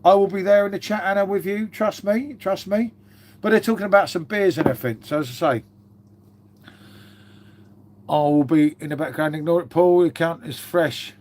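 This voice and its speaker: A man's voice: sits high, moderate pace, long pauses, darkish tone, a little hiss or hum. A man, chatting casually on a live stream, joking, swearing and calling everyone mate. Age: 50s.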